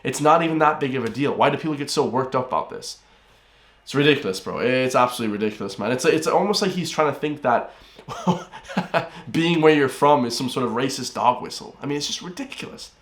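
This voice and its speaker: A man's voice: mid-range voice, expressive, a little fast. An Irish man hosting a reaction video, ranting and calling his viewers guys and bro. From Ireland. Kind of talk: reaction commentary. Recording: roomy echoey room.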